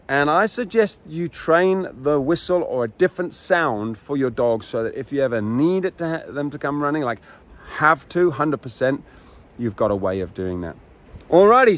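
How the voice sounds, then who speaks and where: A man giving dog training tips in a casual, chatty way, acting out the dogs and owners as he explains. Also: medium pitch. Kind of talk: casual instructional talk.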